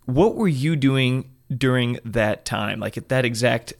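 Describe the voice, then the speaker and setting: A man hosting a podcast, asking curious follow-up questions in a relaxed interview. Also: mid-range voice, unhurried, creaky. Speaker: podcast host. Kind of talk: casual interview.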